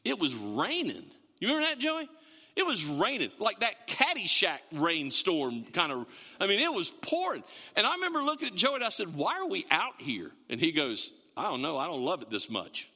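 A man preaching in a church, his high, lively voice swinging widely in pitch and ringing very bright. He jokes with the congregation, then drives his points home with emphatic bursts. The sound carries a long hall reverb. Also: moderate pace. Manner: conversational, joking preacher with emphatic rises. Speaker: pastor. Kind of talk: sermon. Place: church sanctuary.

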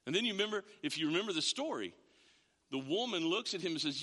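Animated preaching man in a reverberant hall. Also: fairly high pitch, fast talker. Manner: animated, conversational preaching with repeated restarts. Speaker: pastor. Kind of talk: sermon.

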